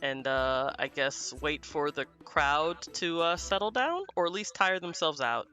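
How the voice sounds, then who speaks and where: Bright hesitant tabletop player. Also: medium pitch, lively intonation, measured pace, faint music behind. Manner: hesitant, filler-heavy. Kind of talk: in-character tabletop play.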